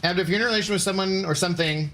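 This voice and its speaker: A man's voice: high voice, racing, pushed and bright. A man casually chatting with his viewers while streaming a game, reading out chat messages and bantering sarcastically. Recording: faint background music.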